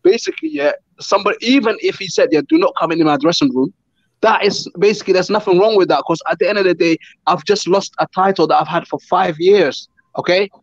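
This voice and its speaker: A man arguing as a boxing fan, insistently repeating phrases to calm the other speaker down. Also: sits high, fast talker, hardly any pauses, no echo, muffled recording. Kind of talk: heated casual argument.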